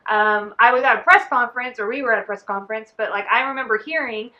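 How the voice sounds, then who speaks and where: A woman co-hosting a casual boxing chat show, chatty and quick to laugh. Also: on the high side, highs cut off. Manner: chatty, laughs often, many fillers. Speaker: co-host.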